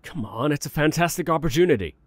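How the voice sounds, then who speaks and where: A man's voice: on the high side, animated, fast, dry recording, lightly acted. A man playing an eager young inventor pleading for his idea, in a fan audio drama.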